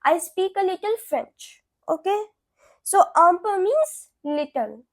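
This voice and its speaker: A young woman teaches beginner French at a very slow, careful pace, saying every phrase twice. Her voice sits very high. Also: animated. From India. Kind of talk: beginner language lesson.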